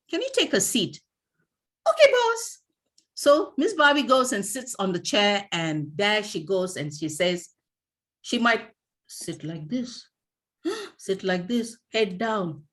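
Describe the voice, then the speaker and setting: A woman coaching an online workshop as a workplace trainer, animated and acting out little scenes. Her voice comes over a video call. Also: medium pitch.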